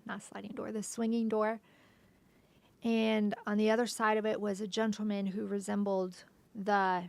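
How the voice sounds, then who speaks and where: Woman on a podcast telling her story, bit of vocal fry, hesitant, slips into whispering a lot. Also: medium pitch, no echo. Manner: halting, emotional retelling with frequent restarts; often drops to a soft whisper. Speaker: podcast guest. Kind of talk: personal storytelling interview.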